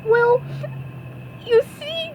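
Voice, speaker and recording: SpongeBob, a high squeaky sponge boy, put on by a woman. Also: drawn-out words, highs cut off, slight background noise, exaggerated voice. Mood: upset. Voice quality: squeaky, tearful. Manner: high-pitched and earnest, sometimes crying.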